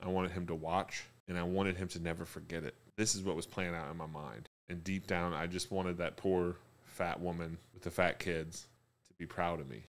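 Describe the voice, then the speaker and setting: Low-voiced man in a rambling, profane monologue. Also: normal speed. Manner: rambling, profane, self-pitying deadpan. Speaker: comedic monologue host.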